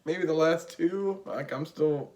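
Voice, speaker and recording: A man's voice: a little high, slow pace, darkish tone, a little hiss or hum. A man chatting casually with his partner, telling jokey stories and mimicking her voice. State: tired. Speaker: co-host. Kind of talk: casual chat.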